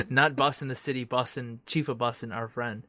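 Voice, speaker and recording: A young man co-hosting a podcast chats casually, joking and swearing freely. His voice is mid-range and a bit bright, and he speaks at a moderate pace.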